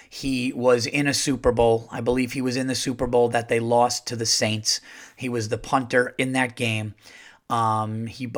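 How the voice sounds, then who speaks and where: Podcast host, man, mid-pitched, swears a lot, lively storyteller doing solo monologue. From Italian-American family. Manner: profane, animated storytelling. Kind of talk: casual monologue.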